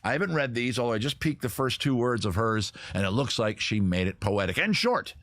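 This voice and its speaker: A man's voice: mid-range voice, a little fast, dry recording. A man hosting a casual livestream from outdoors by a fire, joking and rambling as he goes. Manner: rambling, jokey, animated. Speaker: livestream host.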